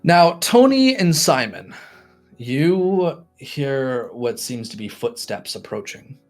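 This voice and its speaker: A man narrates a tabletop role-playing game as its storyteller. He lingers on words and drops into hushed pauses to build suspense. Faint music plays behind him. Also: mid-range voice, very animated.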